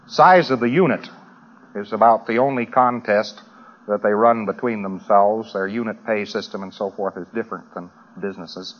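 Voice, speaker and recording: An American man giving a humorous talk to a live audience, rambling with dry asides. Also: on the low side. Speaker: lecturer. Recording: dull lo-fi old recording.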